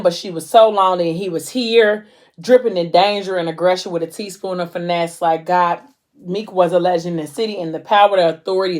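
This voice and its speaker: A woman's voice: on the low side, a little mellow. Chatty woman recapping a book. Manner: chatty, slangy, filler-heavy retelling. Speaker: vlogger. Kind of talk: casual book discussion.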